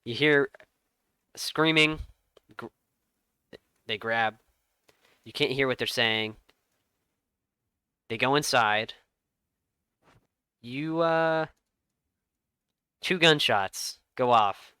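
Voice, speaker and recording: Bright-voiced man narrating a game. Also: medium pitch, clean tone, dry recording. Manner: lively storytelling with dramatic pauses. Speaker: game master.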